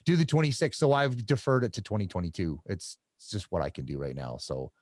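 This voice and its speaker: Middle-aged man, interview guest, deeper voice with a lot of swing, stop-start delivery, dry close sound. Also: big pitch swings, no echo. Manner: halting, repeats words, restarts often. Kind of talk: casual interview storytelling.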